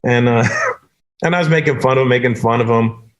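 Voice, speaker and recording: A man's voice: medium pitch, fairly quick, highs cut off. A man, a stand-up comedian and the guest, telling stories casually and animatedly and jumping into quoted voices. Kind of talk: casual storytelling in conversation.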